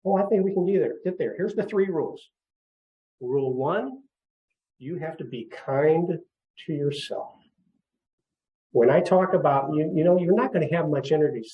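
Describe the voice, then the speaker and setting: A middle-aged man counseling on grief in a seminar talk, gentle and repetitive, with frequent light chuckles. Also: fairly high pitch, low-quality recording. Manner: gentle, repeats words, chuckles often.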